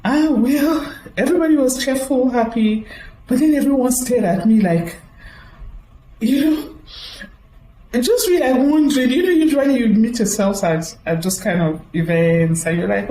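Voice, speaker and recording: A woman's voice: on the high side, moderate pace, dark tone, reverberant, a little hiss or hum, low-quality recording. A woman giving a storytelling talk to an audience as a motivational speaker. She chats along and acts out the voices of the people she quotes.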